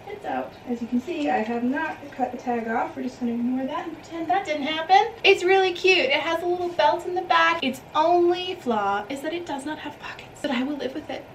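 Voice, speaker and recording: A woman vlogger chats through a clothing haul in a cheerful, giggly manner, a little out of breath. Her voice sits fairly high and sounds slightly distant from the mic. A faint hum of room noise runs underneath. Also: a little fast, few pauses. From Ohio, United States. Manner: chatty, upbeat, giggly. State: out of breath and hot. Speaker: fashion vlogger. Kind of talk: casual clothing haul chat.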